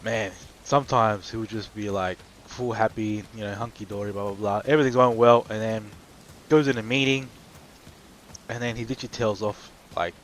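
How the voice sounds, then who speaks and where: A man's voice: fairly low pitch, fairly even intonation, moderate pace, slight background noise. A man chatting casually on a stream, telling work stories with laughs and plenty of swearing. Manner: laughing storyteller, swears freely in quoted asides. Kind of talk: casual chat.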